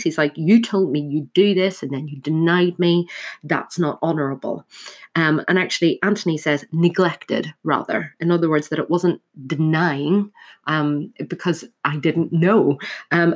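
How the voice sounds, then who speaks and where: A woman teaching literature, talking through a play scene line by line with frequent fillers and restarts. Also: low-pitched. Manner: thoughtful, many fillers and restarts.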